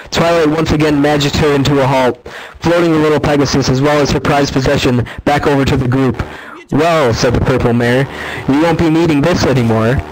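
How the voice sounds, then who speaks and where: A man's voice: on the high side, noisy background. A man reading a fan story aloud, stumbling and correcting himself as he goes. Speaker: reader.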